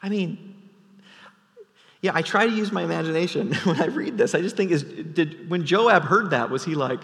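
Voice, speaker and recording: A man's voice: on the high side, expressive, moderate pace, vocal fry, a bit bright, in a large hall. A man preaching an expository sermon in a conversational, vivid storytelling way, with many restarts. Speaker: pastor.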